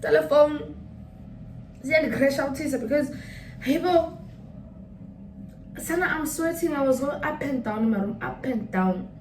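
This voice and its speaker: A young woman chatting excitedly and rambling to her viewers in a casual vlog. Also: sits high, unhurried. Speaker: vlogger. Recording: roomy, distant mic, noisy background.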